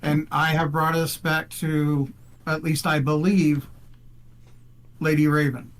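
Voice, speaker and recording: A man speaking as his character in a tabletop game, earnest and deliberate with restarts. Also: a little high, level tone. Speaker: player. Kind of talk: in-character tabletop role-play.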